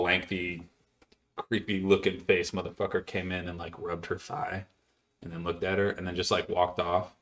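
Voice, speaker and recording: Low, bright-voiced man telling stories. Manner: rambling storyteller, puts on voices for quotes, laughs loudly. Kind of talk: casual chat, retelling stories.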